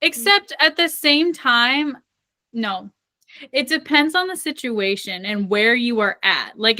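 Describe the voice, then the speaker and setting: A young woman co-hosting a book podcast, chatting casually and spinning playful what-if scenarios with plenty of "like" fillers. Her voice is bright and sits a little high. It is recorded close and dry, with no room sound. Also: no room sound. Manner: playful, talks through imagined scenarios, many "like" fillers. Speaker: podcast co-host. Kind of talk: casual chat about books.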